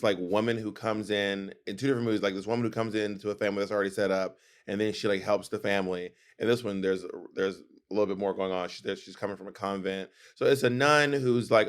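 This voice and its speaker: Sassy, emphatic man recapping a show. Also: fairly low pitch. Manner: explains plots at length, emphatic, sassy. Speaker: podcast co-host. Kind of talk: casual recap chat.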